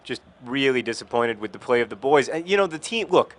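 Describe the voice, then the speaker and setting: A video blogger with a mid-range voice talks about his past in a lively, brisk way while playing a video game. He rambles casually and breaks off now and then into frustrated outbursts at the game.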